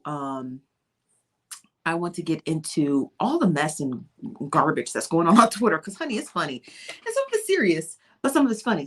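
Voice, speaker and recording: Low-voiced woman hosting a live chat. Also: a bit bright. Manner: chatty, greets viewers by name, drops into whispers. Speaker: livestream host. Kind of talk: casual live-stream chat.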